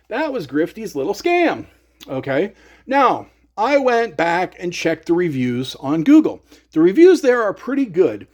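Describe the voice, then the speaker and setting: Male YouTuber, mildly high voice, sarcastic animated storyteller. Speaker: gear channel YouTuber. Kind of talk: casual storytelling rant.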